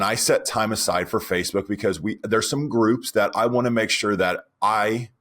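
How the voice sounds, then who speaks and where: Man, 40s, podcast co-host; low-pitched, animated storyteller who drifts into rants. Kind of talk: casual podcast chat.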